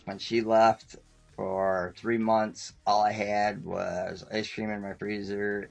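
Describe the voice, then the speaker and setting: A man's voice: fairly low pitch, fairly even intonation, moderate pace, vocal fry, faint music behind. A man guest on a talk show, telling rambling stories casually, often laughing and acting out quoted lines. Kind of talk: casual storytelling.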